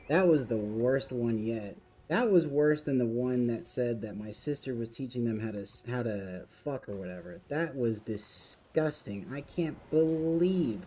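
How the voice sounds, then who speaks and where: A man streaming a game who angrily swears at and scolds his chat, then vents in a fast rant. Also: dark tone, rough recording. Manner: muttering, drops to low volume while filing a report. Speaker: gaming streamer. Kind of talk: live-stream chat reaction.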